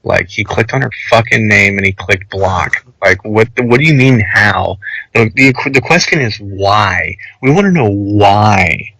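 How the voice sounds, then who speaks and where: Young guy, low gravelly voice, rambly podcast chat, dry close sound. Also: unhurried, no room sound, low-quality recording. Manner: rambling, animated storytelling with lots of "like". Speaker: podcast co-host. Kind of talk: casual chat.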